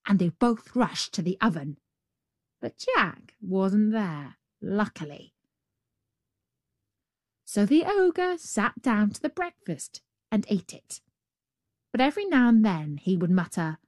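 A woman reading a fairy tale aloud as a storyteller, in an expressive, drawn-out way. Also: medium pitch, dry recording, clean studio sound.

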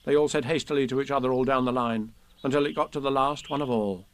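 Guy reading kids' poems and stories, gentle, expressive, middle pitch. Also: fast talker. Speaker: reader. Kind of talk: storybook and poem reading.

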